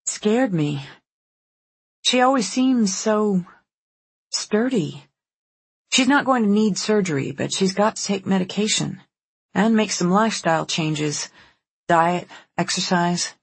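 A reader voicing brisk young ranch manager woman. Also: mid-range voice, animated, vocal fry, slightly rough, no echo, voice pushed up, exaggerated voice. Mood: tired. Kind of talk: audiobook character voice.

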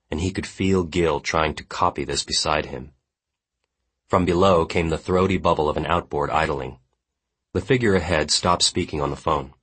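A man narrating literary fiction with a measured, grave delivery. His voice sits extremely low, with a husky, breathy edge. The reading is steady and scripted. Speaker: audiobook narrator.

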